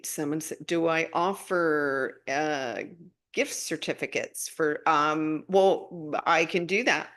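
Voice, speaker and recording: A middle-aged woman hosting a live spiritual guidance stream, chatting casually as she answers viewer comments, laughing often and swooping up in pitch when excited.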